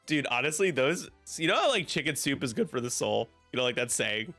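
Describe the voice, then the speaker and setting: A man commentating a tabletop miniatures game in casual chat, given to loud excited outbursts and frequent laughter. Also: mid-range voice, a little fast, faint music behind.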